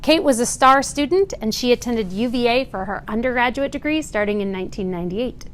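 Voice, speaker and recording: A woman in her forties with a fairly high voice reads a prepared testimony. She speaks earnestly and steadily, and now and then she adds a dry, wry aside. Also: animated, a little fast. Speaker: Marine veteran giving testimony. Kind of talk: prepared speech read aloud.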